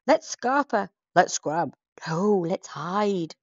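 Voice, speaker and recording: A woman's voice: high-pitched, animated, slow pace, a little mellow, dry recording, highs cut off, pitched above the performer's own voice, heavily acted. A woman voicing a blustering, cowardly male pirate chief in a storybook reading. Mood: panicked.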